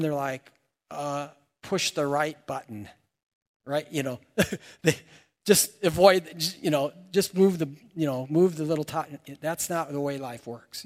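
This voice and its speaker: A man preaching a sermon to his congregation in an animated, joking way, asking them questions. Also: on the high side, moderate pace. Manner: animated, jokey, asks the congregation. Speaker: pastor. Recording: long reverb of a church hall.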